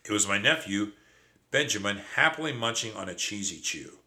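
Storybook narrator, male, low-ish bright voice, animated delivery. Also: normal speed. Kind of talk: storybook read-aloud.

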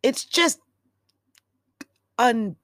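A woman speaking in an impassioned, prayerful monologue, choked up from crying, often dropping into soft whispers. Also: a little high, lively intonation, extremely slow, no echo, studio quality. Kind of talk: emotional personal monologue.

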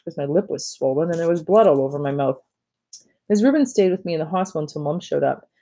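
Brief: casual storybook reader, kid-like delivery, warm and mellow. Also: mid-range voice. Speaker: audiobook reader. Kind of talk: reading a children's novel aloud, first-person narration.

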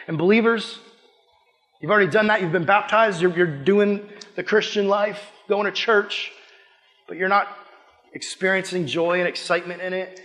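A young male pastor with a high, bright-pitched voice preaches with passion and a casual, conversational way of talking. He drops into quoted asides as he speaks. His voice rings with the long reverb of a large hall. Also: fairly even intonation, normal speed. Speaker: youth pastor. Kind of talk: sermon.

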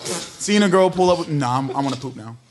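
A man co-hosting a podcast, chatting casually with an animated, joking manner. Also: a little high, brisk, a little hiss or hum. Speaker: podcast co-host. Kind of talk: casual chat.

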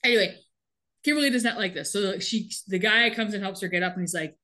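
Talking at a quick pace in a medium pitch, this female podcast co-host breezily goes over a TV episode. Her telling is lively and full of frequent laughter.

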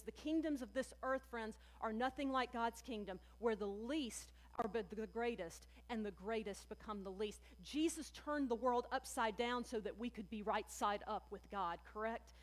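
High-voiced woman preaching in a reverberant hall. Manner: conversational, addresses listeners as friends, animated emphasis. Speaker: pastor. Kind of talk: sermon.

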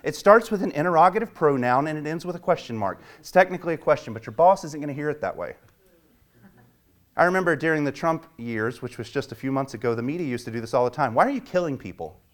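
A man preaching a sermon, his voice surging up for quoted complaints and sinking low and quiet in prayer. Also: expressive, fast talker. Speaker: pastor.

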